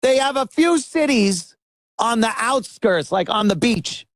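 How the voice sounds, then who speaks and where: A man guest-hosting a talk-radio show, giving a sarcastic, animated opinion monologue. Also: very high-pitched, unhurried, no echo, raised voice.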